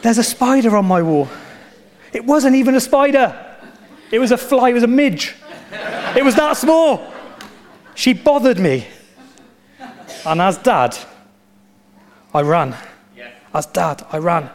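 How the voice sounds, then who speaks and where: A man preaching a sermon as pastor, with animated storytelling and emphatic repetition. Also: extremely high pitch, takes it slowly, pauses often.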